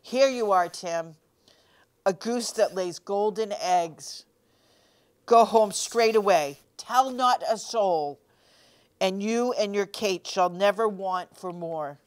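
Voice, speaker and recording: A woman voicing a sly little male leprechaun leader in a storybook reading, speaking higher, slow and emphatic. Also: lightly acted. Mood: sly, soothing.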